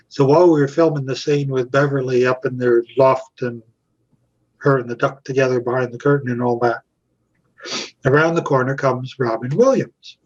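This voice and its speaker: An older man who works as an actor and puppeteer shares anecdotes as a guest in an interview, animated and chuckling while he acts out quotes. His voice is mid-range, and the audio sounds dull.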